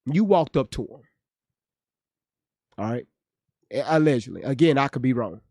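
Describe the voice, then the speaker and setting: A man's voice: mid-range voice, animated, normal speed, a little mellow, no echo, studio quality. A male streamer giving blunt, profane live commentary on a clip, often repeating his words as he thinks aloud. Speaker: streamer reacting to clips.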